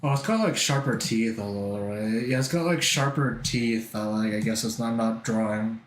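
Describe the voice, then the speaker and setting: A man's voice: lowish voice, normal speed, echoey room, slight background noise. A man chatting casually while drawing on a livestream, rambling, swearing a lot and laughing often. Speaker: art streamer.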